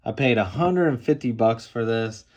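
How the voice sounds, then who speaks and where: A man casually showing off and talking through comic books he bought, in a relaxed, rambling way with frequent fillers. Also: mid-range voice, normal speed, slight background noise. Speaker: comic book collector showing his haul. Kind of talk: casual show-and-tell vlog.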